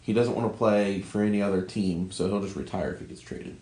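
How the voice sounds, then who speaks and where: A man's voice: on the low side, steady tone, fairly quick, darkish tone, roomy sound, poor audio. A man co-hosting a podcast, chatting casually about sports, joking, opinionated and swearing freely. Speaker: podcast co-host.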